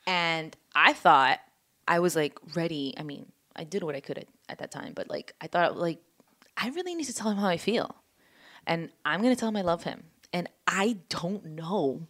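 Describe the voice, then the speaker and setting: A woman's voice: on the low side, moderate pace. A woman co-hosting a podcast, telling a personal story in a candid casual chat, full of fillers and acted-out quotes. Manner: animated storytelling with many fillers and quoted dialogue. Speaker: podcast co-host. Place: living in New York.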